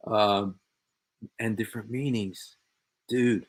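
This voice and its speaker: A man's voice: mid-range voice, a little slow, fairly bright tone. A man hosting a show, commenting on played clips, sarcastically repeating quoted phrases and speaking directly to an absent opponent. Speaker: show host.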